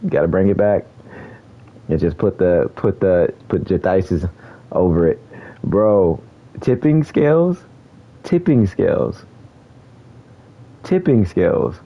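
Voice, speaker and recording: This gaming streamer talks in a low voice, a little slowly, offering casual and chatty gameplay commentary full of slang and frequent laughter. His audio is lo-fi.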